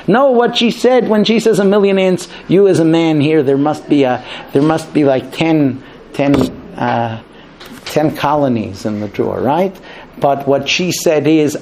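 A man giving a lecture, animated, acting out quoted exchanges in raised voices. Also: a little high, a little slow, a little hiss or hum. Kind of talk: spoken lecture to an audience.

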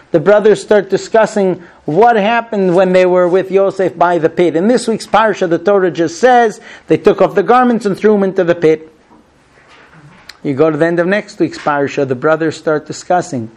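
A middle-aged man giving an informal Torah class, telling the story with lively acted-out dialogue. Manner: animated storyteller, acts out quoted speech with high pleading voice. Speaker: rabbi teaching the weekly Torah portion.

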